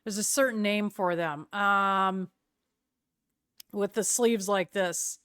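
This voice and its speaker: A woman's voice: mid-range voice, steady tone, slow pace, fairly bright tone, clean tone, dry recording, clean studio sound. A middle-aged woman streaming live, chatting casually with viewers in a rambling way and often searching for words.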